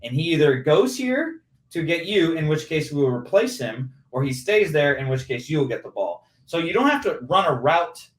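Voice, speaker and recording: Animated man explaining in a roomy room. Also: fairly high pitch, moderate pace, recorded from a distance. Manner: animated, explains with hands-on play-by-play detail. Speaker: former pro football receiver, podcast guest. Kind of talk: conversational interview. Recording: roomy, echoey room sound.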